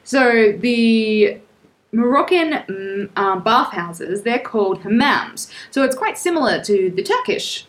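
A woman's voice: on the high side, animated, slow. A young woman co-hosting a casual travel podcast, friendly and chatty with an easy giggle, recorded outdoors. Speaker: podcast co-host. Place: outdoors at a seaside fort.

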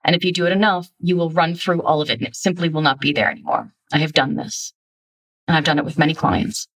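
A woman giving blunt, emphatic self-help coaching in a somewhat low voice. She sits back a bit from the microphone, so her voice sounds slightly distant. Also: fast, a bit bright. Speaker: relationship coach. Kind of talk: instructional self-help talk.

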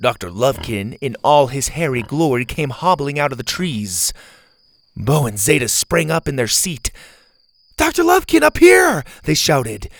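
A man narrating a children's adventure story, lifting into high, loud voices for the shouting kids. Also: normal speed, creaky, no echo, clean studio sound. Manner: animated, jumps high for shouted kid lines. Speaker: audiobook narrator.

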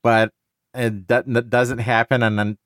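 A man's voice: mid-range voice, little pitch movement, unhurried, fairly bright tone, no room sound, studio quality. Enthusiastic man discussing books. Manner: enthusiastic, stumbles and restarts. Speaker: podcast host. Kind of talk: casual book discussion.

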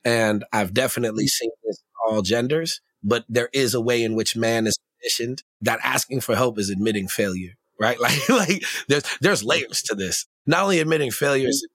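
A man's voice: medium pitch, normal speed, hardly any pauses, fairly bright tone, no echo. Reflective man telling a story, dry sound. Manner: reflective storyteller, tag questions, slangy. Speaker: podcast guest, emcee and educator. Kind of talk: candid podcast conversation.

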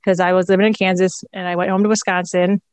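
A woman's voice: on the low side, little pitch movement, quick pace, a little mellow, no room sound. A middle-aged woman, a guest in an interview, candidly and reflectively telling a personal story with a laugh now and then.

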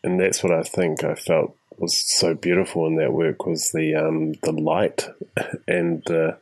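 Gravelly deep-voiced interviewer, dry sound. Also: male voice, flat delivery, measured pace, darkish tone, no room sound, rough recording. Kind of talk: reflective interview questions.

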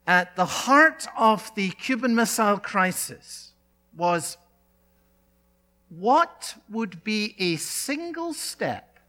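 A male pastor delivering a sermon, speaking in emphatic phrases with dramatic pauses and repetition. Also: high voice, sharp tone.

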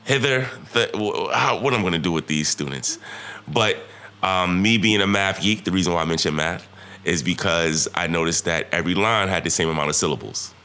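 A man's voice: low-pitched, a little fast. A young man in his twenties, a podcast guest, telling a story casually and with energy, acting out what people said. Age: 20s. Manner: animated, rhythmic storyteller, acts out quotes.

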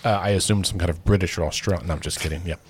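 A man's voice: low-pitched, rapid-fire, slightly rough, no echo. A man co-hosting a political podcast in casual chat, restarting phrases often as he talks. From Oklahoma. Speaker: podcast co-host.

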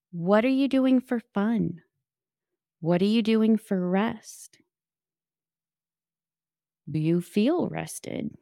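A woman's voice: mid-range voice, a little mellow, dry recording, studio quality. A woman hosting a motivational podcast, talking casually and encouragingly and putting many questions to the listener. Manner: casual, swears now and then. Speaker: podcast host.

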